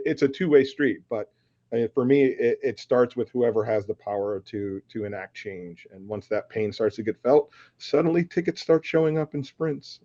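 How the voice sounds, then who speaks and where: A man's voice: mid-range voice, a little mellow. A man speaking on a panel over a video call, playful and a bit facetious. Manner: playful, facetious, laughs easily. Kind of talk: panel discussion. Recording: dull lo-fi audio.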